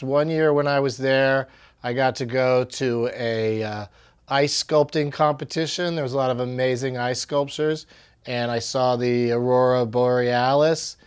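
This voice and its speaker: A man with a smooth, resonant, mid-range voice talks in an interview. His delivery is relaxed, with a dry comic touch. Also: mid-range voice. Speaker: comedian.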